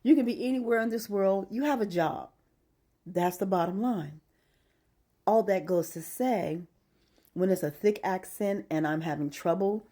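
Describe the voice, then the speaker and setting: A woman's voice: fairly low pitch, darkish tone. A middle-aged woman vlogger venting in a casual, emphatic monologue and telling her story with exasperation.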